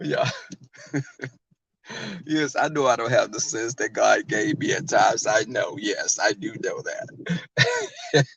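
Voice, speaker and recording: A man's voice: medium pitch, huge pitch swings, slow pace, gravelly, pauses often, fairly bright tone, husky, no room sound. A man vlogging while driving, chatting sassily and directly to his viewers on a casual livestream. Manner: chatty, sassy, talks straight to viewers. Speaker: YouTuber.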